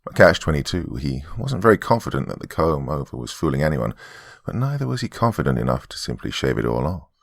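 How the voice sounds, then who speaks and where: A man narrating a horror story as host of his podcast, in a dry, measured storytelling manner. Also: a bass voice, sing-song, creaky, no echo.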